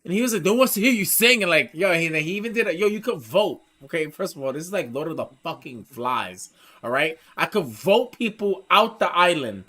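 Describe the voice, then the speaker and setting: A young man with a high, bright voice that swings all over the place as he spins a crude, animated story. His pitch leaps and drops with every character he acts out. He talks like he is hanging out with friends on a casual stream. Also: brisk. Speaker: podcast co-host. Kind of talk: casual chat.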